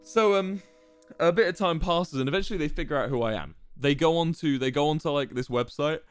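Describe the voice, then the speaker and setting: A young man streaming, telling a story to his chat in a casual, animated way, swearing freely and acting out what people said. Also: on the high side, a little fast, clean tone. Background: faint music.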